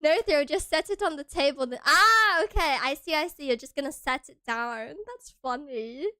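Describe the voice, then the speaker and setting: A young woman from Hawaii chats with her stream in a bubbly, giggly way that keeps tipping into squeals. Her voice sits high and sparkles with a bright, forward tone. The recording is dry and close, with no room sound. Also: moderate pace, no echo. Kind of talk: casual stream chat.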